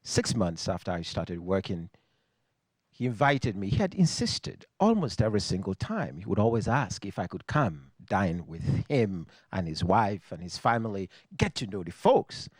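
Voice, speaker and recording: A man from Nigeria with a Nigerian accent, telling a personal story on stage to a live audience in a reflective, wry way with dramatic pauses. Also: on the low side, sing-song, no room sound.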